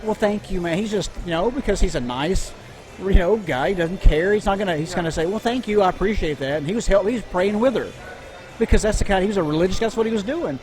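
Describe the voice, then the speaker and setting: A man's voice: sits high, fast talker, soft background music. A man in his thirties co-hosting a podcast, telling rambling stories in casual chat. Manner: rambling storyteller, animated. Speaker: podcast co-host.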